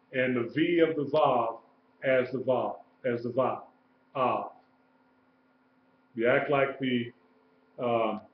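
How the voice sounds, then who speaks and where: A man teaching a live-streamed lesson, slow and patient, repeating sounds and letters. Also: medium pitch. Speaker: Hebrew teacher. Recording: roomy, dull live-stream audio with faint noise.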